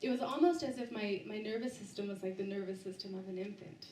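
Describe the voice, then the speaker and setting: A woman with a mellow, medium-pitched voice gives a book talk to a live audience indoors at a bookstore event space, telling a personal story in a halting way, full of restarts and fillers. The audio is poor and reverberant, with her far from the mic and a little hiss or hum.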